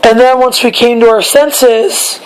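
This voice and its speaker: A young woman, a bit hoarse, talking in a casual personal vlog, halting and repeating herself as she searches for words. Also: a little high, steady tone, poor audio. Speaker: vlogger.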